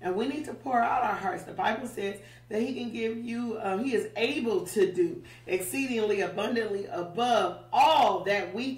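A woman teaching a Bible study in a conversational way, often checking in with "right?". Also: fairly high pitch. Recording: roomy, distant mic.

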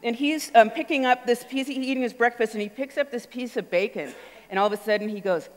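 A woman giving an animated storytelling talk on stage, acting out little voices and sounds as she goes. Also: a little high, fast. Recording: long hall reverb.

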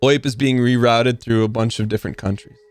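A young man with a steady mid-range voice hosts a stream, interviewing a player over game voice chat with no room sound. Friendly and joking, he chats casually and fires off quick questions.

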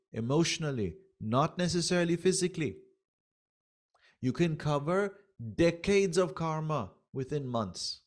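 Male astrology teacher, slightly high voice, animated lecturing that acts out little quoted exchanges.

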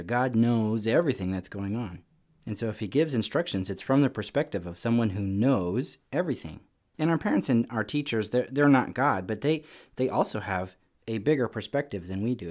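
A young man with a mid-pitched voice talks to children at Sunday school. He tells his story casually, with plenty of fillers, and gets animated at the exciting parts.

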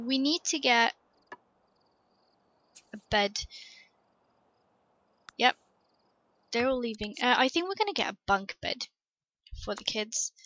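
Woman game streamer, slightly high voice, slow easy delivery, chats to her characters. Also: a bit bright, slight background noise, rough recording. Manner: gushing, chatty, talks to the game characters. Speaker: let's play host. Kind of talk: casual gameplay commentary.

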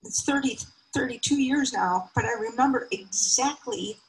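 Woman, fifties, personal storytelling, heartfelt, emotional, sudden high pitch lifts. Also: normal speed, gravelly, rough recording. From United States.

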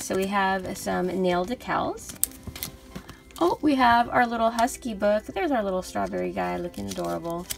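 A young woman hosting a toy unboxing video, gushing softly over each cute plush and reading out their names. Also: medium pitch, creaky. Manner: gushing, soft and cooing over cute toys.

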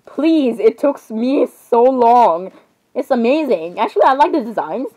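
A young woman with a slightly high voice chats loosely for her vlog. She rambles, giggles, and cuts herself off mid-thought as she talks. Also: lively intonation, unhurried, warm tone, low-quality recording. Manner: rambling, giggly, self-interrupting. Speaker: vlogger. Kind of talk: casual chat over screen browsing.

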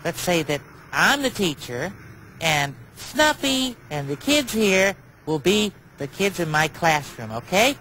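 Big Bird, a childlike bird. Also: male voice, high-pitched, sing-song, a little slow, sharp tone, a little hiss or hum, exaggerated voice, poor audio. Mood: earnest. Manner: earnest, childlike, sing-song. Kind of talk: children's TV chat to camera.

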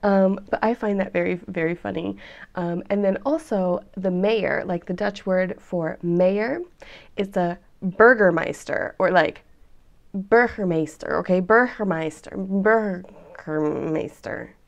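A woman's voice: mid-range voice, fairly even intonation, measured pace, gravelly, lo-fi sound. A woman, hosting a vlog and chatting to viewers between giggles. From United States. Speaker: vlog host. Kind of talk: casual chat to camera.

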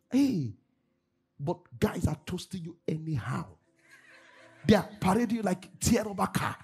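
A man's voice: high voice, expressive, moderate pace, gravelly, long pauses, darkish tone, slightly rough. A middle-aged man preaching a sermon as pastor, acting out congregants' voices and laughing often.

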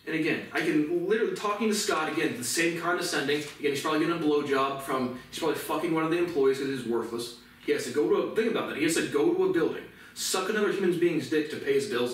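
A man's voice: on the high side, fairly bright tone. A man ranting to the camera in an indignant, profane, repetitive monologue. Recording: echoey room, voice far from mic, faint noise.

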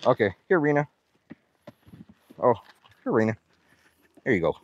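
A man vlogging outdoors while feeding his farm animals, excitable and out of breath, laughing and talking to the animals as he goes. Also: medium pitch, a little slow, highs cut off.

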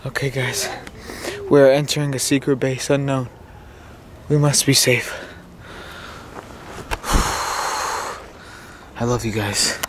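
Hushed mock-dramatic young man. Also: medium pitch, steady tone, moderate pace, noisy background. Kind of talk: casual joking around.

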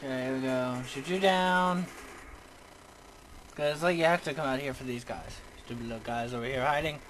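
Over a rough recording with slight hiss or hum, a young man's mid-range voice moves at normal speed as he plays a shooter. He mutters and bursts out in excitable frustration throughout his let's play commentary.

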